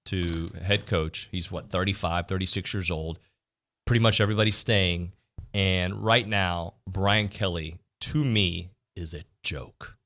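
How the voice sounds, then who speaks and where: A man's voice: low-pitched, steady tone, unhurried, fairly bright tone. A man hosting a sports radio show, chatting casually about college football and often restarting his sentences. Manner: conversational, trails off and restarts.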